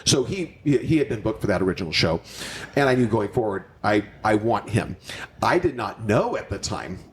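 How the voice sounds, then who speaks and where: A Southern Californian man, a wrestling promoter as guest, speaking in a halting way with frequent restarts. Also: lowish voice, slight background noise. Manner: halting, restarts, expressive reactions. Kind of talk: casual interview chat.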